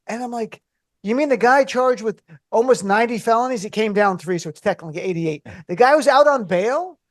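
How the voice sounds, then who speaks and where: Mężczyzna, prowadzący radiowy talk show, żywiołowy, suche brzmienie. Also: male voice, extremely high pitch, dry recording, clean studio sound. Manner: animated, incredulous riffing. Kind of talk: casual comedic chat.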